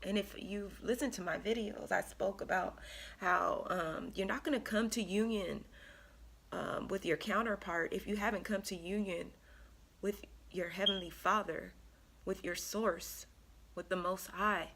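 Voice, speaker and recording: A woman giving an earnest, emotional spiritual card reading to her viewers, pausing often with ums. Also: medium pitch, steady tone, gravelly, fairly bright tone, husky. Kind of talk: tarot reading monologue.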